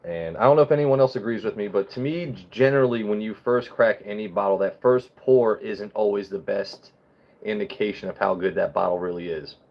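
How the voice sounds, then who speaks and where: Low-voiced man hosting a casual live stream. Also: fairly quick, dull audio. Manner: loose, swearing, talks straight to chat. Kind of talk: casual live-stream chat and whiskey tasting.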